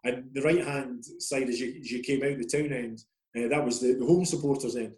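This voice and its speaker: A middle-aged Scottish man spins loose, self-deprecating football anecdotes in an easy conversational way. His voice sits at an ordinary middle pitch and carries a roomy echo around it. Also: fairly even intonation, brisk, darkish tone. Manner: rambling, self-deprecating storyteller. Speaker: former footballer guest. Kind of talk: casual anecdotal interview. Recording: roomy echoey sound.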